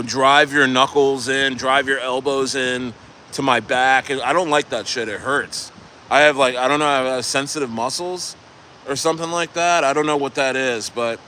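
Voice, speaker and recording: A man rambles through a vacation story, tossing in "bro" and casual swearing as he restarts his sentences. His voice is bright and forward at a middling pitch. A faint hum sits under the recording. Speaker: crypto vlogger. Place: vacation condo.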